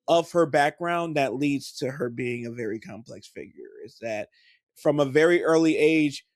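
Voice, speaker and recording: A man's voice: fairly high pitch, dry recording, studio quality. A man co-hosting a podcast in casual chat, talking animatedly and enthusiastically with frequent restarts. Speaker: podcast co-host.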